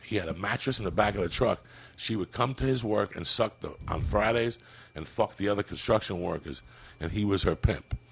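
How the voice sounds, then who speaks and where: A man's voice: lowish voice, a little fast, creaky, husky. A man telling a crude, rowdy story as a comedian guest on a podcast.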